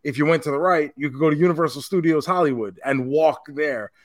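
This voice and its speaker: A man's voice: on the high side, a little fast, dry recording, studio quality. A man co-hosting a podcast, telling a convention story in casual chat and swearing now and then. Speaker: podcast co-host.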